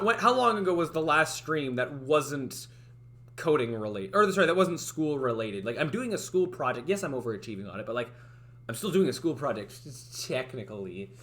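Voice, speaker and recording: A young man talks loosely to his livestream viewers from a desk mic and trails off mid-thought. His pitch jumps around lively, and his voice has a bright, forward edge. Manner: rambling, hesitant, full of fillers and restarts. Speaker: streamer. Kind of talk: casual livestream chat. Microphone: headphones with a desk mic.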